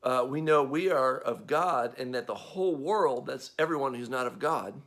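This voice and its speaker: A man's voice: medium pitch, animated, moderate pace, a bit bright. A man with an Australian accent preaching a sermon as pastor, in a conversational way with frequent fillers.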